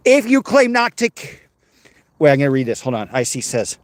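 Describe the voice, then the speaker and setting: A man's voice: a little high, very animated, brisk, no echo. Chatty man streaming live outdoors. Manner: chatty, reads viewer comments aloud, bantering. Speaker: livestreamer reading chat. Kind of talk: casual livestream chat.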